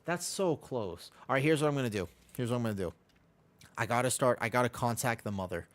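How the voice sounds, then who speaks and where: Speaking fast in a mid-range voice, this American man rambles and hums to himself on a desk mic while gaming live on stream. The recording is dry.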